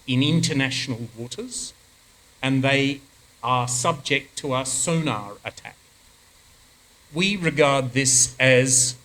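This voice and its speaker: A man with an Australian accent speaking at a conference, giving measured, deliberate policy talk in a firm, plain-spoken manner. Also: medium pitch, fairly bright tone, poor audio. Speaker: diplomat answering questions. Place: conference hall.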